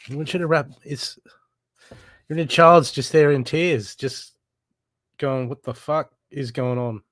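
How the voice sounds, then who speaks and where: A man's voice: medium pitch, no room sound. A man giving a live intuitive reading, blunt and urgent, swearing freely as he presses the listener to heal. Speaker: spiritual reader.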